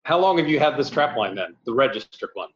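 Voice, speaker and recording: Male co-host, middle pitch, short questions, dull lo-fi sound. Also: expressive. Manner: short questions and quick agreement. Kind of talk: casual podcast chat.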